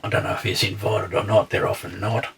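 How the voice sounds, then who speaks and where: An Australian man spins casual stories in a dry, understated way. His low voice is gravelly and very husky, with a bright edge. He sits some distance from the mic. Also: level tone, brisk. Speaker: vlogger. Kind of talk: casual anecdotal storytelling.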